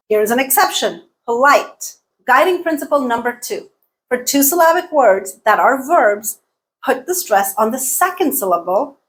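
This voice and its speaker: A woman teaching an English pronunciation lesson, patiently repeating each example word slowly and checking in with frequent okays. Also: a little high.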